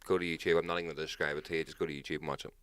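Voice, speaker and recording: A Northern Irish man co-hosting a casual podcast chat, telling animated stories, swearing freely and mimicking people loudly. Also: rumbling low, racing. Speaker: podcast co-host.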